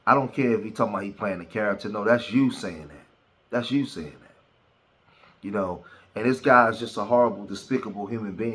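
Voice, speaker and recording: A male commentator speaking with indignation, often restarting and pausing with fillers. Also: on the low side, a bit bright. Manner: indignant, stumbling over words, with frequent fillers.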